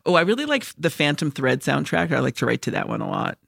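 A woman co-hosting a podcast who rattles through pop-culture tangents in a bright, gravelly voice. Her pitch swings widely, and she drops in an offhand swear now and then. The sound is dry and close. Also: huge pitch swings, fast, no echo. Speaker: podcast co-host. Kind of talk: casual chat.

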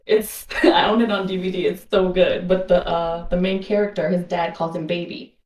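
A woman's voice: lowish voice, fairly even intonation, normal speed, darkish tone. A woman calling into a podcast, speaking earnestly with many ums and likes. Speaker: caller. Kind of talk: casual chat on a call-in. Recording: distant echoey call-in audio.

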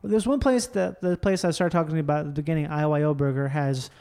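A man in casual chat, telling stories in a lively, profane, animated way. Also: fairly high pitch, fast, creaky, clean tone.

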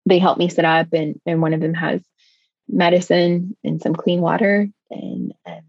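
A woman's voice: lowish voice, expressive, moderate pace, gravelly, slightly rough, no echo, highs cut off. A woman from the United States, a guest on an interview show, retelling a frightening personal story in vivid, breathless detail, full of "like" fillers.

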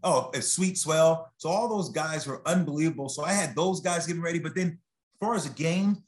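A man, a former football player, chatting as a podcast guest in a lively, exclaiming way. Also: a little high. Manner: lively, animated storyteller, quick to exclaim. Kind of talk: casual interview chat.

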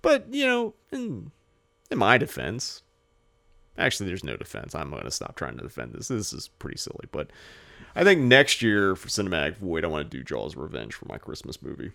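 A man hosting a movie podcast in casual chat, animated and profane, joking and acting out characters. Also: low voice, moderate pace, gravelly. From Los Angeles area. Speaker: podcast host.

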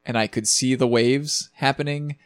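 A man with a mid-pitched voice talks in a relaxed, rambling way as a podcast co-host, often restarting his sentences. The recording is dry and close. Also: normal speed, dry recording. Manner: relaxed, rambling, repeats starts. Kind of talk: casual chat.

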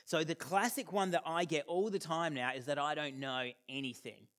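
An Australian man in his thirties giving a storytelling talk to an audience, animated and self-deprecating, acting out the voices in his stories. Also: on the high side, moderate pace. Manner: animated, self-deprecating humour with acted-out quotes. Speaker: speaker.

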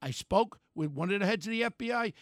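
An older man, delivering a blunt, angry talk radio rant and shouting at times. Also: sits high, animated, quick pace, dry recording, studio quality.

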